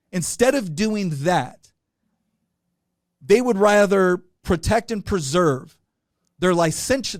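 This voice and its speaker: A man with a fairly high voice speaks with forceful indignation, hammering his points home with repetition. The sound is close and dry, with no room around it. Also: no room sound. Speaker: guest, state delegate. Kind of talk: passionate interview talk.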